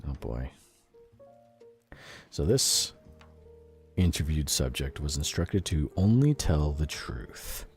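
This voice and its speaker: A man's voice: very deep voice, sing-song, slow pace, long pauses, a little mellow, faint music behind. A man in his thirties reading a document aloud on a stream, breaking off into joking asides. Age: 30s.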